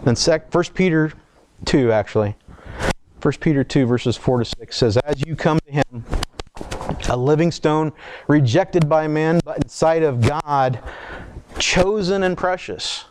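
A man preaches with a slightly high voice, talking to the congregation in a relaxed, conversational way. He reads scripture aloud, breaks off into asides and restarts his sentences as he goes. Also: a little slow, a little hiss or hum. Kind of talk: sermon.

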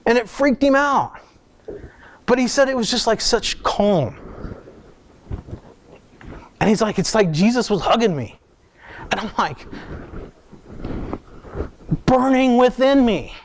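High-voiced man preaching conversationally. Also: a little slow, pauses often, a little hiss or hum. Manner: conversational storytelling with animated quoted asides. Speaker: pastor. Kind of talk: sermon.

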